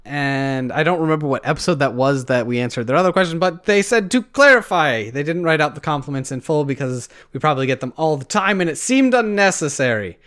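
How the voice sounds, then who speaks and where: A man's voice: a little high, animated, brisk, hardly any pauses, a bit bright. An American man co-hosting a gaming podcast, chatting casually, laid-back and swearing now and then, with frequent laughs. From United States. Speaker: podcast co-host. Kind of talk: casual chat.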